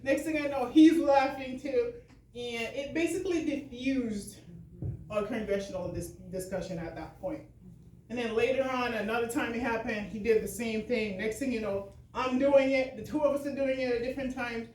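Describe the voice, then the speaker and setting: A woman's voice: fairly high pitch, normal speed, darkish tone. A woman giving a keynote talk to a live audience, chatty and laughing often, with many fillers. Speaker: keynote speaker. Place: large hall with audience. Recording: echoey hall, mic far off, faint noise.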